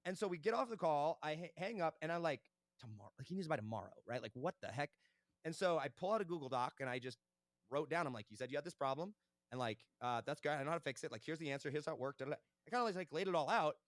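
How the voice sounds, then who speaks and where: A young man speaks fast and eagerly as an interview guest, recounting his business deals. His voice sits a little high, and the recording is dry and close. He keeps checking in with "right?" as he goes. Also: lively intonation, no room sound. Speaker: podcast guest, entrepreneur. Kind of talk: casual interview storytelling.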